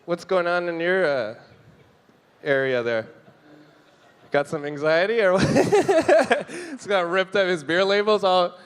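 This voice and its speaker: Speaking slowly with long pauses, this young Canadian comic has a high-sitting, clean voice and lively intonation. Holding a stage mic in a club, he riffs with the crowd and performs quoted voices, while the room rings with long reverb.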